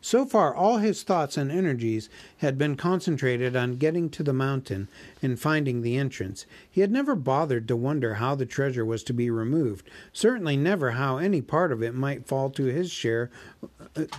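A man reading a classic novel aloud in a measured narrating voice. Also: mid-range voice, animated, darkish tone. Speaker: reader.

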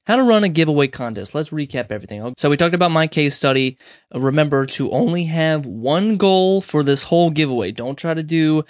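A man's voice: mid-range voice, dry recording. Man, young adult, podcast host, casual advice talk, rambling, self-correcting, dry recording. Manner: rambling, self-correcting, acts out quoted exchanges.

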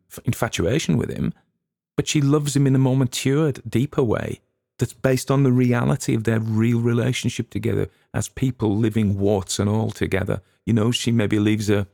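A man's voice: medium pitch, vocal fry, mellow, no room sound, studio quality. A man, hosting a podcast and chatting in a rambling, musing way with plenty of restarts. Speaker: podcast host. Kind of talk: casual rambling commentary.

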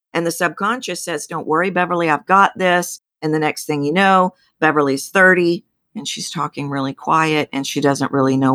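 A middle-aged woman with a Texan accent, a voice coach explaining her work in an interview with emphatic, animated delivery. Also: low-pitched, no room sound, clean studio sound. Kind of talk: interview storytelling.

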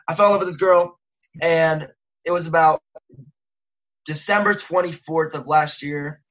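Young male rapper, rapid slangy storyteller who keeps correcting himself. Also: fairly high pitch, fairly bright tone, poor audio. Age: young adult. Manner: rambling, self-correcting, slangy. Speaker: interview guest, rapper. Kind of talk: casual storytelling.

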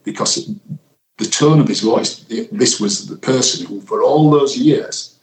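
A man in his sixties, a retired senior detective, recalling a case in a reflective, halting interview manner, acting out what people said. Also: mid-range voice. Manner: reflective, halting with fillers, reenacts quotes. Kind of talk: interview recollection. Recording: echoey room.

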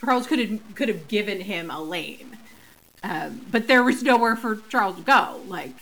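A woman's voice: mid-range voice, animated, moderate pace, creaky, a bit bright, low-quality recording. A woman co-hosting a podcast in casual chat, reasoning things through at length with many fillers. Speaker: podcast co-host.

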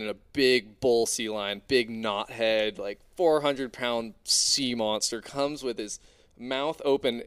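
Young dude telling a wild story, lots of likes and ums, smooth clear voice. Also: male voice, medium pitch. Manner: animated, excitable, many fillers. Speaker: spearfishing diver guest. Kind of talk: casual storytelling.

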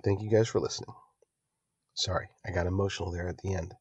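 A man hosting a political podcast, delivering a rousing monologue that builds to near-shouting exhortation. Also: deep voice, steady tone, fast, husky, dry recording. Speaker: podcast host.

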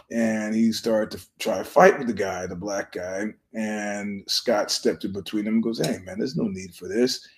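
A man hosting his own podcast, telling stories in a meandering, profane way and keeping his voice down. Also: on the low side. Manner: profane, meandering storyteller with frequent restarts; keeps his voice down so he won't disturb a filming nearby. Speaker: podcast host. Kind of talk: casual rambling monologue.

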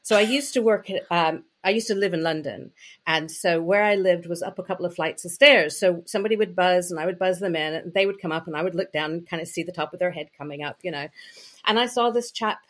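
A woman's voice: lowish voice, fast. A woman guest on an interview, telling personal stories in a candid, chatty way with lots of "you know" and "like.". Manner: chatty, frank, full of "you know" and "like" fillers. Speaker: interview guest, intimacy coach. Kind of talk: candid conversational storytelling.

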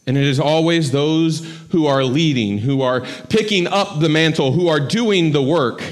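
Guy preaching a sermon, kinda high voice, chatty, keeps asking right?. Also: moderate pace, few pauses. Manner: conversational preaching with frequent "right?". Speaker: pastor. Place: church sanctuary.

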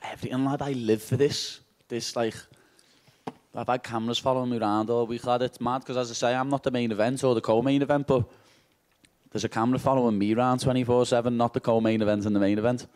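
A man's voice: mid-range voice, fairly even intonation, quick pace, a little mellow. A man with a Liverpool accent answering press conference questions after a fight, brash and cheeky and swearing freely.

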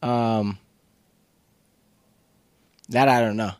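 A man's voice: on the low side, flat delivery, drawn-out words, darkish tone, no echo. A man answering in casual chat, hesitant and unsure. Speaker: studio guest.

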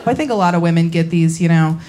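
Young woman, stand-up comic, deadpan storytelling, from Indiana, live show with clear crowd noise. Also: fairly low pitch, fast. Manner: deadpan storytelling, acts out quoted voices. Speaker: stand-up comedian. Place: comedy venue with a laughing audience.

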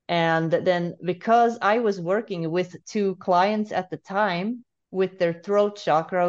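A woman guest and spiritual mentor telling a story in a calm, steady way with a few restarts. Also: lowish voice, smooth. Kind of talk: casual storytelling in conversation. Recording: dull, muffled remote audio.

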